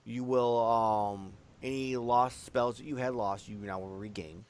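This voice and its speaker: A man in a middling voice runs a tabletop game as game master. He explains the rules casually, pausing often on "um". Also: mid-range voice, fairly even intonation. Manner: casual, hesitant with many ums. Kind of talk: running a tabletop game online.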